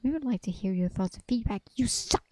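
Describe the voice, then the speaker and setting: A woman streamer chatting casually during a game stream, rambling and quick to laugh. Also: medium pitch, warm tone, dry recording. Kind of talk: casual gaming livestream chat. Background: background music.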